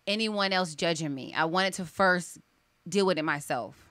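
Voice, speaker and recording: A woman's voice: fairly low pitch, normal speed, a bit bright, no room sound. A woman co-hosting a radio talk show, speaking reflectively about her past with many "you know"s. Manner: reflective, filler-heavy talk. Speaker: co-host and author. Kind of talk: casual chat.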